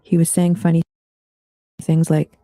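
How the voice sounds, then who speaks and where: A man hosting an open panel, reading listeners' true ghost stories aloud in a steady, even storytelling delivery. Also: fairly high pitch, unhurried, no room sound. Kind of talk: scripted true-story narration.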